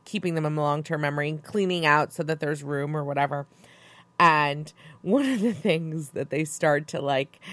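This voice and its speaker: A woman's voice: deep voice, dry recording. A woman co-hosting a casual chat, rambling with many fillers.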